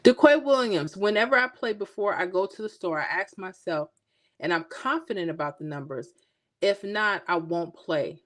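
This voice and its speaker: A woman's voice: medium pitch, animated, normal speed. A middle-aged woman from Florida hosting a livestream, telling stories in a chatty way and talking to viewers by name. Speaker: livestream host. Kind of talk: casual livestream chat.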